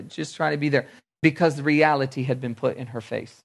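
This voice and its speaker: A man's voice: on the high side, normal speed, gravelly. A man preaching a sermon, telling personal stories in a conversational way and acting out the dialogue. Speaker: pastor.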